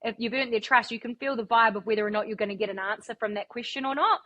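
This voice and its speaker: A woman's voice: fairly high pitch, fast talker, bright, forceful tone. A woman, a radio broadcaster telling stories as a guest in a casual interview, swearing freely. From New Zealand. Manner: chatty storyteller, swears freely.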